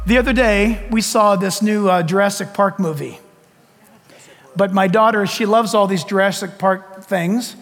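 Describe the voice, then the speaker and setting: A male pastor preaching a sermon in an animated way, acting out urgent calls and laughing with the crowd. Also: high voice, a little slow, in a large hall, faint music behind.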